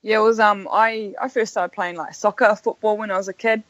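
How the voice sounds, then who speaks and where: A woman with a New Zealand accent, a sports captain talking casually as a podcast guest, laid-back and quick to laugh. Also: medium pitch, steady tone, fairly bright tone, no room sound, rough recording.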